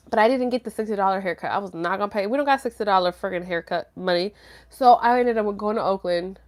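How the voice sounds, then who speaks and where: A woman's voice: mid-range voice, a little fast. Candid, slangy woman chatting live. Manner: slangy and candid, with frequent fillers and profanity; laughs nervously when flustered. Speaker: livestream host answering viewer chat. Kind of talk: casual chat.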